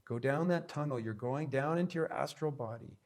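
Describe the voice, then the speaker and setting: A man's voice: medium pitch, fairly quick, a little mellow. A man giving an instructional talk on spiritual practice, earnest and emphatic, with many repeated phrases. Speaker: spiritual teacher.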